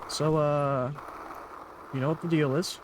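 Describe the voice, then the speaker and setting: A young man streaming a game live, chatting to his viewers, a little tired, with loud bursts of excitement. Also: a little high, measured pace, noisy background. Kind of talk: live gaming commentary.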